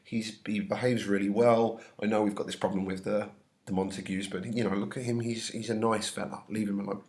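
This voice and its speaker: A man with a lowish voice, a teacher working through a play scene by scene. He reads a line, then retells it in loose modern slang. His voice carries a slight sickly touch. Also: level tone, brisk, darkish tone. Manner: reads verse aloud then paraphrases in casual slang. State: slightly ill. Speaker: English teacher.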